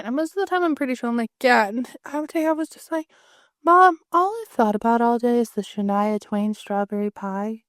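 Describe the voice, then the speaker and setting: A woman co-hosting a podcast, chatting in a relaxed way with lots of fillers. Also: a little high, fairly quick, dry recording, studio quality. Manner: relaxed, conversational, many fillers. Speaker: podcast co-host. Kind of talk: casual chat.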